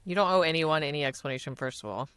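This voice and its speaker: A woman co-hosting a podcast, chatting in a relaxed, conversational way. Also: low-pitched, fast talker, smooth, no echo. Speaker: podcast co-host. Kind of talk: casual podcast chat.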